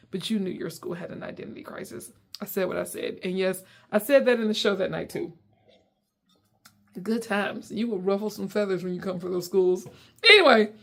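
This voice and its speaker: A young adult woman hosts her own podcast, telling a long personal story in a loose, chatty way. She is from South Carolina and acts out the people in her story with sudden high, loud quotes before settling back to her normal voice. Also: gravelly. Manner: animated, acts out quotes with big jumps in pitch. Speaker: podcast host and comedian. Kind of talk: casual storytelling. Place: at home.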